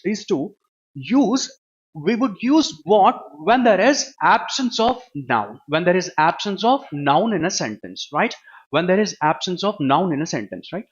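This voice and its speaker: A higher-pitched man teaching an online grammar class. He has a husky voice and keeps repeating each question before he answers it. The recording sounds dull and lo-fi. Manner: repeats questions and answers them himself, with frequent tag "right, ma?". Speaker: English teacher.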